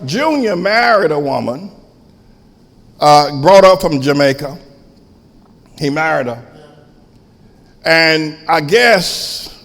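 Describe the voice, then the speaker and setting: A man preaching a sermon as pastor, shifting from quiet storytelling to sudden shouts. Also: on the high side, big-room sound.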